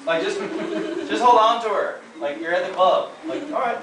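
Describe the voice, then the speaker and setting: A man offers suggestions in an encouraging way, his lively voice sitting a little high. He is heard from a bit away in an echoey room, with a crowd audible behind him. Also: normal speed, far from the mic.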